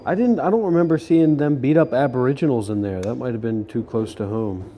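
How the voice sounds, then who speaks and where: A man's voice: mid-range voice, fairly quick, mellow, slight background noise. A man vlogging while he walks through city streets and a station, ranting in a profane, sarcastic, grumbling way. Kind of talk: casual rant while walking.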